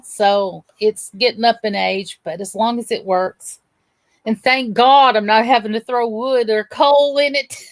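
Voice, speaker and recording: Southern woman, north Georgia, casual chatter, dry close sound, higher pitch. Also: no echo. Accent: Southern American. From north Georgia, USA. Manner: chatty, laughs often. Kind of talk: casual chat.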